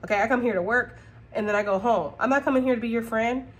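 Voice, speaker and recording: A woman with a fairly high voice gives a casual tarot reading straight to her viewers. She is blunt and swears freely. She laughs often and keeps checking in with "okay?". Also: quick pace. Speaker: tarot reader.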